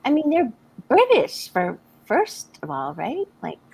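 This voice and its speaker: A woman's voice: a little high, wildly swooping pitch, measured pace, vocal fry, a little mellow, breathy edge, rough recording. An American woman hosting a live writing stream, chatting casually, laughing often and reading viewer comments aloud. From United States. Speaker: livestream host.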